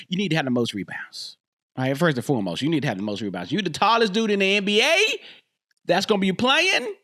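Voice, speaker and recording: Hosting a podcast on his own, a man shares his opinions casually and jokingly, repeating lines for emphasis. His voice sits on the high side with a fairly bright tone.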